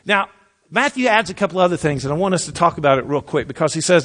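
A man's voice: animated, fast talker, a bit bright. Emphatic preacher man. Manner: emphatic preaching, drops low for emphasis, repeats words when restarting. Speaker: pastor. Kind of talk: sermon.

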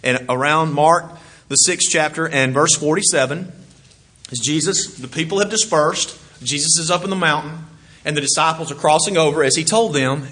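A male preacher delivering a sermon in a bright, forceful voice that sits a little high for a man. He is animated and jumps from loud bursts to hushed asides. He chuckles now and then and keeps putting questions to his listeners. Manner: animated, swings from loud exclamations to quiet asides.

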